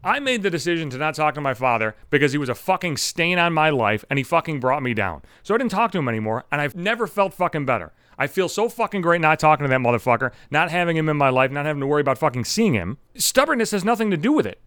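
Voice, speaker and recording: A man's voice: fairly high pitch, fairly bright tone, clear, resonant tone, no room sound, studio quality. A young adult man hosting a solo podcast, ranting angrily with heavy profanity. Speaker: podcast host.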